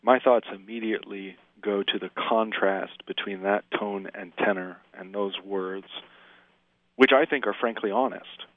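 A man, a minister, giving an earnest, reflective commentary on scripture and slowing down to dwell on the verses he quotes. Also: on the low side, fairly even intonation, no echo. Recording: tinny phone-line sound, dry.

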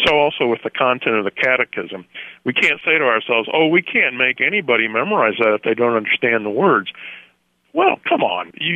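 A man's voice: medium pitch, no echo. A man from Florida, a guest in a theological radio discussion, speaking emphatically and laughing readily. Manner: emphatic, animated, quick to laugh. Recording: tinny phone line, dry.

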